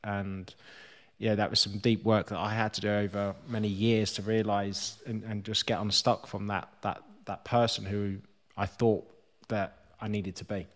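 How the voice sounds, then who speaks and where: A man's voice: on the low side, flat delivery, moderate pace. A man talking thoughtfully and self-deprecatingly as a podcast guest, with casual swearing. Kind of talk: candid conversational podcast talk.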